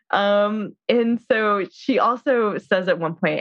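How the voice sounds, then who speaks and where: A woman's voice: medium pitch, moderate pace, hardly any pauses, dry recording. A woman casually recapping a film in a chatty, filler-heavy way, acting out the characters' lines. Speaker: podcast co-host. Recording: slightly dull dry sound.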